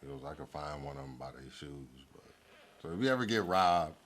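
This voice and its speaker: A man's voice: a bass voice, fairly quick. A middle-aged man telling a story in a casual, slangy, profane way, acting out the lines of the people in it. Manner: animated, acts out quoted lines, slangy and profane. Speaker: guest telling his life story. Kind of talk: casual storytelling in a therapy-style talk show.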